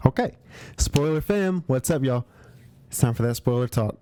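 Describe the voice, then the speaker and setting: A man's voice: mid-range voice, lively intonation, normal speed, mellow, clear, resonant tone. A man hosting a movie review show, chatting casually about spoilers in slang, often repeating himself and restarting his sentences.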